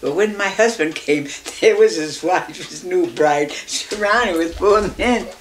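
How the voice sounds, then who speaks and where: Older woman telling lively old stories. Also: lowish voice, unhurried, slight background noise. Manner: lively, acts out voices in her anecdotes. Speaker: interviewee. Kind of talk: reminiscing storytelling.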